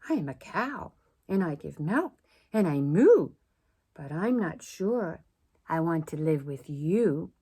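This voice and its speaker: A woman's voice: low-pitched, very animated, slow, mellow, husky, heavily acted. A woman voicing a timid little cow, Miss Moo. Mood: sad. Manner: sweet, plaintive and hopeful. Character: gentle, timid young female cow.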